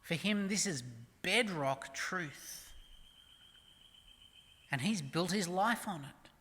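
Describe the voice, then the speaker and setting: Preacher, sermon; slow and emphatic, forceful bright tone, loud-to-whisper swings, reverberant church sound. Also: medium pitch, animated. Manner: reads scripture slowly and softly.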